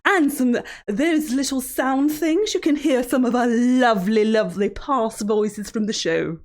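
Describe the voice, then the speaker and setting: In a livestream role-play, a woman streamer plays a creepy female children's show host whose sing-song, mock-sweet tone gives way to sudden profane outbursts. Her natural voice is fairly high and a little slow.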